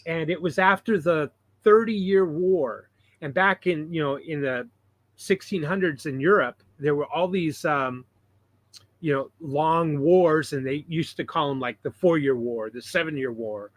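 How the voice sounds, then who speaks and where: A man's voice: on the high side, a little slow, dry recording. A man co-hosting a podcast, explaining things in chatty casual talk. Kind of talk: casual chat.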